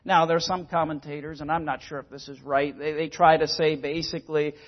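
A man's voice: a little high, little pitch movement, brisk, muffled recording. A man preaching a sermon, earnest and emphatic, sometimes repeating words as he explains scripture. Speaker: pastor.

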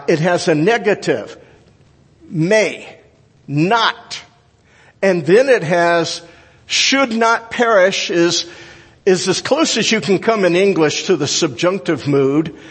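Slow, husky-voiced older preacher in an echoing hall. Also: male voice, high-pitched. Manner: deliberate, emphatic teaching with Greek grammar asides. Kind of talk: sermon.

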